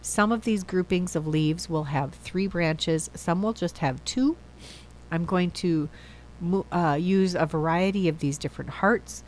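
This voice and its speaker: A woman's voice: fairly low pitch, a little slow, a little hiss or hum. A woman with a stuffy nose from a cold, chatting casually through a card-making voice-over and often correcting herself. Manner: chatty, self-correcting, thinks aloud. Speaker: card-making video host.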